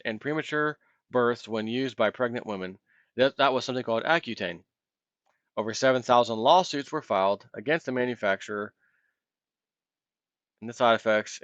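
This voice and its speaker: A man's voice: medium pitch, a bit bright, dry recording. A man delivers a heated, impassioned solo rant, now and then slipping into the voices of imagined callers. His sound is dry and close, with no room around it, and a little dull and muffled. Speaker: commentary video host. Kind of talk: ranting solo commentary.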